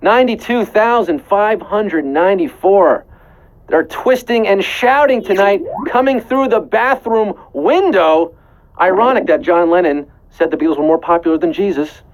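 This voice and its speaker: A quiz show host with a high-sitting voice talks at normal speed on a rough recording. He keeps the live trivia game playful and punny, slipping into song snippets between the questions.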